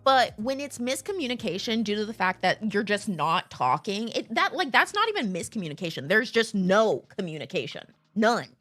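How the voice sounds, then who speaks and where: A woman live streamer chatting casually with her viewers, blunt and animated and swearing freely, into a streaming microphone. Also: medium pitch, a little fast, hardly any pauses, faint music behind.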